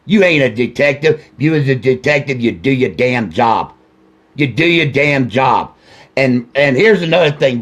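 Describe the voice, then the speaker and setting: A furious, grieving father rants into his own video camera. He hammers out accusations and curses, repeating lines again and again. His voice is gravelly with creak and sits somewhat high for a man. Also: a bit bright. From Ohio. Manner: angry, accusing, repetitive, swearing. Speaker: grieving father addressing officials. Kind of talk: angry direct-to-camera video rant.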